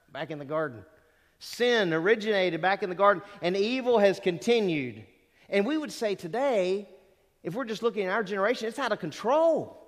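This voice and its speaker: A middle-aged man preaching a sermon in a church, talking in a conversational way with rhetorical questions and asides. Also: on the high side. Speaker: pastor. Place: church sanctuary. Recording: long reverb of a church hall.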